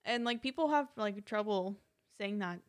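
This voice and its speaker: A woman's voice: mid-range voice, lively intonation, moderate pace. A young woman co-hosting a casual podcast, talking bluntly and heatedly and swearing freely. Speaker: podcast co-host. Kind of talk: casual chat.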